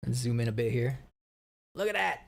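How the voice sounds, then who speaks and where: A man's voice: medium pitch, animated, fairly quick, creaky. A man around thirty giving a casual, rambling stream update, swearing often and laughing at his own stories.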